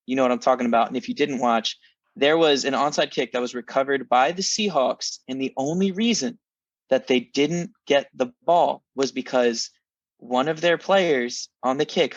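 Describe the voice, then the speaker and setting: A man's voice: medium pitch, no echo, highs cut off. A man co-hosting a casual sports podcast, ranting with wry self-mocking humor. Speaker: podcast co-host, football fan.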